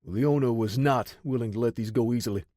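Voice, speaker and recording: A man's voice: medium pitch, fast talker, mellow, dry recording, studio quality, close to an everyday voice. A man doing a matter-of-fact guard. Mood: plain. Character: helpful male guard.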